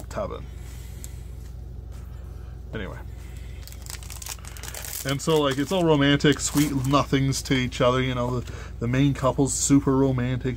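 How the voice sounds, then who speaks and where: A young man talks casually at a mid pitch while he opens card packs. His chat rambles and is full of fillers, and he curses when a pull annoys him. Faint room noise sits under his voice. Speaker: card unboxing host.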